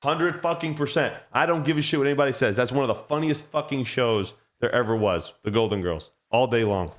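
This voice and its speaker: A man hosts a casual chat in a mid-range voice. He gets excitable as he tells stories and swears freely. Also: medium pitch, a little fast. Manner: swears a lot, excitable storytelling. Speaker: host.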